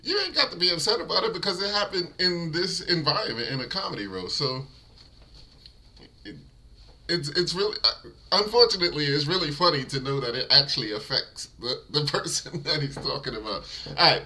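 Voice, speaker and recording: A man's voice: a little high, animated, a little fast, bright, forceful tone, poor audio. A man hosting a reaction video, giving laid-back commentary straight to his viewers with frequent chuckles.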